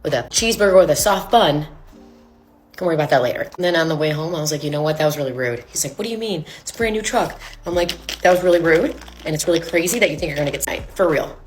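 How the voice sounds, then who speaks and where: A woman's voice: deep voice, fast talker, faint music behind. A woman telling a personal story in a chatty way, full of fillers and acted quotes. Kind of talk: storytime video.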